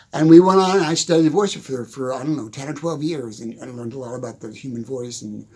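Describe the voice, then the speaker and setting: A man in his sixties giving a casual motivational talk, telling stories in an animated way and chuckling often. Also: mid-range voice, brisk, breathy edge. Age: 60s. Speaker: motivational speaker.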